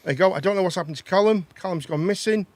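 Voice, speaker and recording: A man's voice: high-pitched, very fast, darkish tone, no room sound. A man hosting a live chat show and phone-in, chatty and teasing, and he laughs often. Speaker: host.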